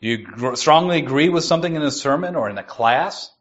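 A man giving a sermon. He reads scripture slowly and stresses its key words. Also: on the high side, expressive, a bit bright, muffled recording. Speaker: preacher.

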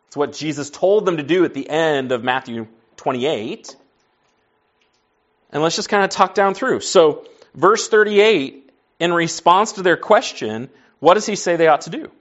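A man's voice: a little high, lively intonation, a little slow, dull audio. Folksy man teaching a Bible class. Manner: asks the group questions and answers them; folksy, says y'all and like.

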